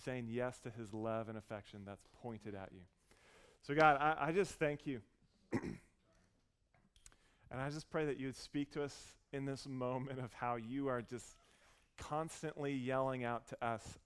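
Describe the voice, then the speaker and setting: A man in his thirties preaching a sermon, earnest and warm as he tells a story, with frequent restarts. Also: mid-range voice, fairly even intonation, a little slow, clean tone. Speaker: pastor.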